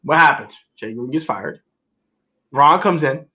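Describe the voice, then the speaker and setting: Animated, bright-voiced man talking sports. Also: fairly high pitch, moderate pace, poor audio. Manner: animated, emphatic storyteller, repeats himself. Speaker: podcast co-host. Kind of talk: casual sports talk.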